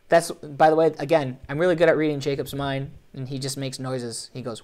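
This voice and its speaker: A man hosting a live online show, commenting on competition videos with animated, joking, playfully sarcastic energy. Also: mid-range voice, fast, few pauses.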